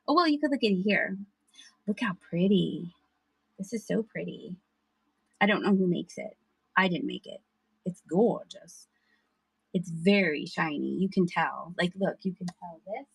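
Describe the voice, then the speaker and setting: A woman's voice: fairly low pitch, lively intonation, measured pace, creaky, long pauses, slightly rough, no echo, low-quality recording. A woman hosting a live thrift sale, chatting casually with viewers and laughing often. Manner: chatty, giggly, talks to chat viewers. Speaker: live-stream thrift seller. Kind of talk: casual live-selling chat.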